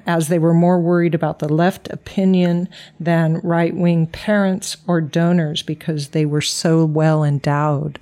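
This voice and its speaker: A woman co-hosting a talk podcast, with a low, mellow voice. She chimes in with short agreement and sets up questions for her co-host. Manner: supportive interjections, poses questions. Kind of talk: casual political discussion.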